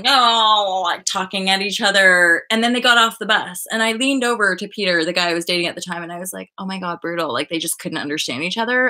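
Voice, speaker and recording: Bright-voiced, chatty woman host. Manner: chatty, rambling, bursts into high excited asides. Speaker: host of a spiritual livestream. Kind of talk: casual chat with live viewers.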